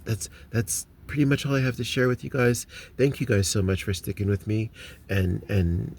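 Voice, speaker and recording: A man's voice: lowish voice, darkish tone. An American man talks casually to his viewers, rambling with many ums and restarts, recorded on a phone inside a parked car. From United States. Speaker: vlogger.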